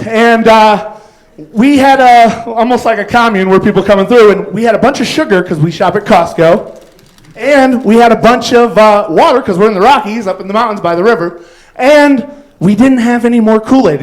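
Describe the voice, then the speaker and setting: A man's voice: high-pitched, lively intonation, normal speed, rough recording. A man doing a stand-up set on a club stage, telling rambling stories full of fillers and acted-out quotes. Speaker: stand-up comedian.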